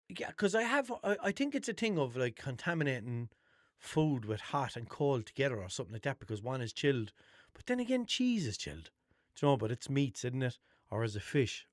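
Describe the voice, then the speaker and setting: Casting note: young Limerick Irish man, mid-pitched, chatty and sweary, unscripted podcast monologue, dry close sound. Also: no echo. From Ireland. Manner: chatty, swears a lot, rambling storytelling with restarts. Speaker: podcast host.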